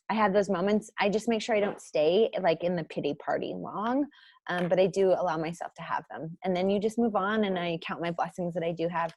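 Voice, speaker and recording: A woman in her thirties, a podcast guest and author, telling her story candidly with lots of "um" and "like", getting animated as she acts out what people said. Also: no room sound, studio quality. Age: 30s. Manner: chatty, frequent fillers like "um" and "like"; animated when acting out quotes, jumps high and loud.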